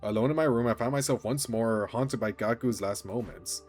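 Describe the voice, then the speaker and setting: A man streaming a visual novel, reading every character's lines aloud and breaking off into excited asides. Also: medium pitch, moderate pace. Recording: faint music behind.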